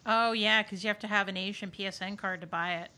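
A woman's voice: medium pitch, fairly even intonation, fast, pushed and bright. A woman co-hosting a casual gaming podcast, who talks in an enthusiastic, teasing way. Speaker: podcast co-host.

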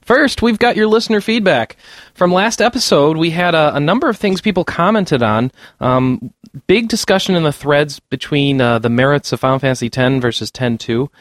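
A man's voice: a little high, normal speed, dry recording, studio quality. A man hosting a casual gaming podcast, rambling and self-mocking with lots of fillers. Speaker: podcast host. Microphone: remote call mic.

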